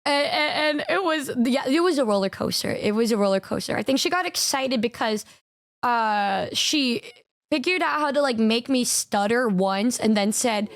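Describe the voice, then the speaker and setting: A woman's voice: on the high side, animated, moderate pace. A young woman streaming, chatting casually and animatedly, swearing and mimicking other people in exaggerated voices. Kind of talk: casual stream reaction chat.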